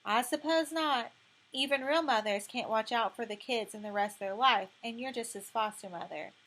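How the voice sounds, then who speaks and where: A big, motherly foster mother, anxious and tender, her speech soft and fussing, as a woman reading aloud puts her on. The storybook voice stays warm-hearted in manner and close to the reader's own sound. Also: on the high side, normal speed. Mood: tender, worried. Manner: soft-spoken, fussing, gentle. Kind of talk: audiobook reading.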